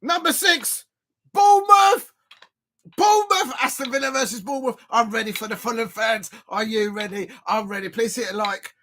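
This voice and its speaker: Hosting a live football watch-along for his fan channel, this excitable man speaks briskly in a high, bright, forceful voice with few pauses. His mood flips from joking around to loud cries of despair.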